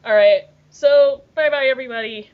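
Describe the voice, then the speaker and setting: A woman's voice: sits high, normal speed, clear, resonant tone, highs cut off. A young American woman co-hosting a podcast in casual chat. She laughs often and swears freely. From United States. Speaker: podcast co-host.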